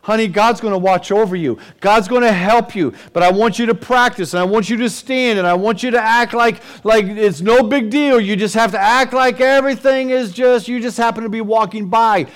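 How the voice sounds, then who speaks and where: A man playing a worried mother who softly coaxes her daughter and prays for her baby, in a high, earnest voice. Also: normal speed, few pauses, natural voice. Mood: coaxing. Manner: pleading, soft and earnest. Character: anxious Hebrew mother coaxing her young daughter.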